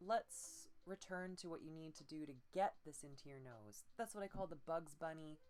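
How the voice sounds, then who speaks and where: A woman's voice: sits low, animated, normal speed, a little mellow, slight background noise. A woman voice coach giving a streamed voice-training lesson in a subdued, patient way. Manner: subdued, patient instruction broken by demonstrated croaks and pinched tones. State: low energy.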